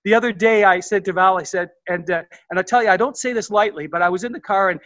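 A man's voice: high voice, fast talker, fairly bright tone, no echo, low-quality recording. A man preaching a sermon as pastor, enthusiastic and quoting scripture, often stumbling and restarting.

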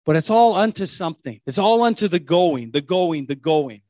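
A man's voice: a little high, animated, moderate pace, no echo, clean studio sound. A man preaching a sermon as pastor, repeating key phrases for emphasis and building to passionate preaching. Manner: builds from quiet reflection to rising passionate preaching.

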